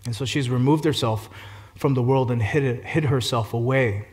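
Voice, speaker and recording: Male pastor delivering a sermon, mid-pitched, moves between soft gentle stretches and rising fervent peaks. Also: normal speed. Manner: swings between gentle hushed passages and loud fervent climaxes.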